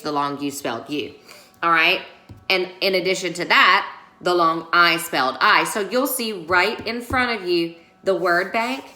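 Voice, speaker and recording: A woman teacher with a low, pushed, bright voice gives a recorded lesson. She patiently walks through workbook pages and checks in with her class often, and the recording is low-quality with a roomy sound.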